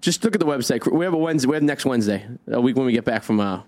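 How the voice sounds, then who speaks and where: A man's voice: medium pitch, expressive, darkish tone, no echo. A man co-hosting a casual radio show, plugging upcoming dates and stumbling over his words with lots of fillers. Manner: halting, many fillers and restarts.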